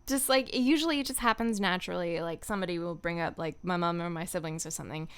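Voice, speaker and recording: A young woman talking to her stream audience in an easy, rambling way. Her voice is smooth and clean, with plenty of ums and quick laughs. Casual, unscripted chat. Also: on the low side. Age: young adult. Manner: chatty, laughs often, many fillers. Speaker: voice actor streaming.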